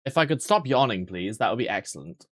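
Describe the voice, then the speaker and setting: A man's voice: medium pitch, expressive, fast, a bit bright, no echo, clean studio sound. A man streaming a video game, rambling in casual commentary, swearing freely and poking fun at himself.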